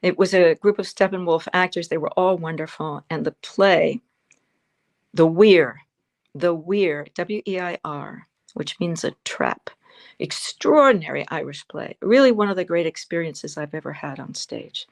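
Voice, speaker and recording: Expressive woman over seventy, lowish voice. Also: normal speed, vocal fry. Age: 70s. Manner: expressive, warm storytelling with emphatic repetitions. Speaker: guest actor. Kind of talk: interview.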